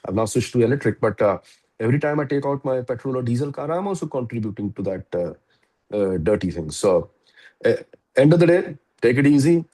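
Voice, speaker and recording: A man in his fifties with an Indian English accent, giving a lively, chuckling motivational talk to students. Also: mid-range voice, husky, low-quality recording. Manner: animated, chuckling storyteller. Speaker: guest speaker.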